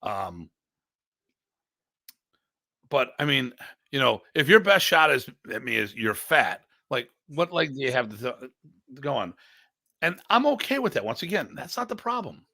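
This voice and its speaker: Gravelly, bright-voiced middle-aged man. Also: measured pace, pauses often, no echo, studio quality. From United States. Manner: animated, acts out quoted exchanges with pitch jumps; rambling with restarts, blunt and joking. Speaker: podcast host and martial arts instructor. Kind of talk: casual storytelling chat.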